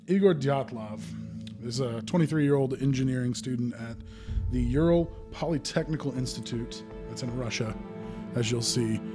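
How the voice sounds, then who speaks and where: A young man hosting a casual podcast, his voice sitting at an ordinary middle pitch. He rambles and jokes, laughing often between points, while faint music plays under him. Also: moderate pace. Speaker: podcast host.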